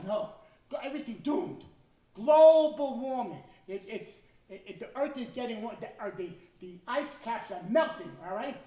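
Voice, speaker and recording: Loud high-voiced older male stand-up comic. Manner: loud, animated, stammering restarts, shouted punchlines. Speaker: stand-up comedian. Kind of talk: stand-up comedy routine. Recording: echoey room, voice from some distance.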